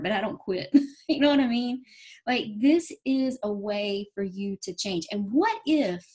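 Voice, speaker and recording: A woman's voice: mid-range voice, a little mellow. A woman giving an earnest, folksy motivational talk on a team training call. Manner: folksy, earnest, fast-moving pep talk. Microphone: phone or call audio.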